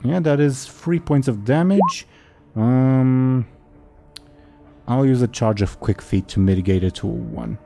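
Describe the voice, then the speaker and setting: A man's voice: medium pitch, unhurried, creaky, over music. A man running a tabletop game as game master, narrating with hesitant fillers.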